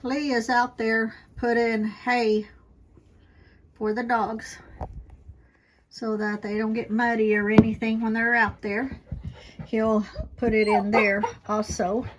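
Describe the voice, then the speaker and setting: A woman vlogging casually from the floor of her home, talking slowly and fondly to her dogs. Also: on the high side, little pitch movement, a little hiss or hum. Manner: slow, unhurried, talks fondly to her dogs. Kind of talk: casual home vlog chat. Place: indoors at home, sitting on the floor. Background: dogs barking.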